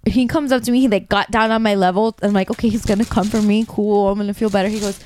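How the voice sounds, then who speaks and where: A woman in her thirties, chatting casually as a co-host. She tells her story in an animated, chatty way and laughs easily. Her voice sits at an ordinary middle pitch. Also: fast, slight background noise. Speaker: podcast co-host. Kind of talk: casual chat.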